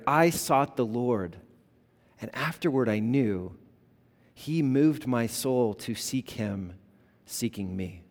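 A man's voice: mid-range voice, darkish tone. Conversational male pastor in a hall. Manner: conversational, storytelling, many fillers. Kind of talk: sermon.

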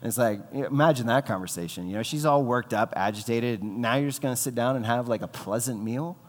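A man's voice: mid-range voice, a little fast. A male pastor preaching a sermon in a casual, conversational way, with lots of fillers and quoted voices he acts out. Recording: long hall reverb.

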